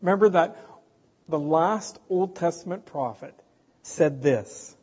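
A man preaching a sermon in a slow, emphatic way, asking the congregation rhetorical questions. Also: a little high, darkish tone, husky. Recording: dull, hall reverb, from a distance.

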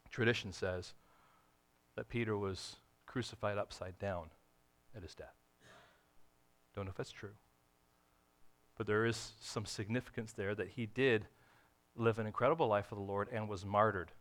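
A man preaching a sermon, swinging between loud emphatic bursts and hushed, tender lines, acting out quoted dialogue in a folksy, conversational way. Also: on the low side. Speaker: pastor.

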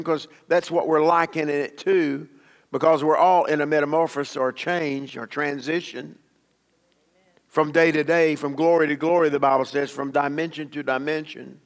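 A man's voice: fairly high pitch, steady tone, normal speed, a bit bright. A male pastor preaching a sermon to a church congregation, emphatic and repeating key phrases.

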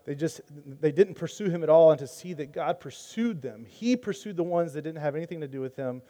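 A man's voice: fairly high pitch, expressive, fairly quick, mellow. A man preaching a sermon as pastor, earnest and emphatic, asking rhetorical questions and reading scripture aloud.

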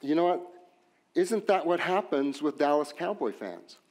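A man with a West Texas accent preaching a sermon as pastor, animated, with joking asides and rising emphatic questions. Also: fairly high pitch, unhurried.

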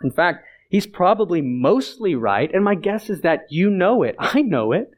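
A man's voice: high voice, big pitch swings, moderate pace. A man preaching a sermon in an earnest, emphatic and conversational way, often repeating his phrases for weight. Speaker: pastor.

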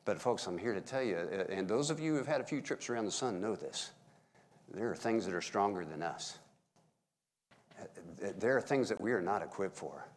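A man's voice: lowish voice, brisk. A middle-aged man giving a casual, joking sermon to his congregation. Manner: folksy, joking with the congregation, animated. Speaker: pastor. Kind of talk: conversational sermon.

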